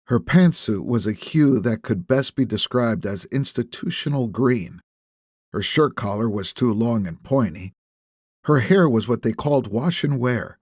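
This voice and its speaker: A man's voice: mid-range voice, dry recording. Male audiobook narrator, dry close sound. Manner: steady, measured storytelling. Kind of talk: scripted narration.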